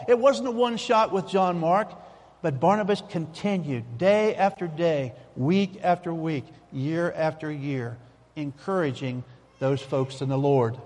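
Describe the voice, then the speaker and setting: A man's voice: high-pitched, darkish tone. A man preaching a sermon in a folksy, emphatic way, repeating his key phrases, in a church sanctuary. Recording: long hall reverb.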